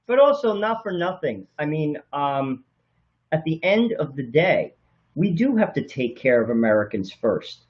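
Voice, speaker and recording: A man's voice: on the high side, big pitch swings, a little slow. Earnest male talk show co-host. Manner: earnest, stumbles and corrects himself. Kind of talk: political talk show commentary. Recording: slightly dull lo-fi sound.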